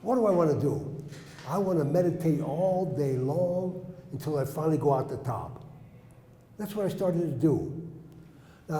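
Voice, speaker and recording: A man telling his life story to a live audience, asking them questions and acting out the quotes loudly. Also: fairly high pitch. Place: hall with an audience. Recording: echoey hall.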